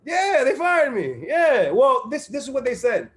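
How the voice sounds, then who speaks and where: A man's voice: extremely high pitch, wildly swooping pitch, measured pace. A man guest on a podcast, telling a story in casual chat, full of profanity, street slang and fillers.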